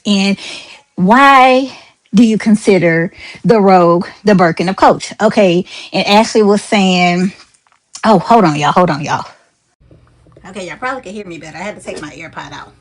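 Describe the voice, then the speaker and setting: A woman handbag vlogger chatting casually and with animated energy to her viewers while unboxing a bag. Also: mid-range voice.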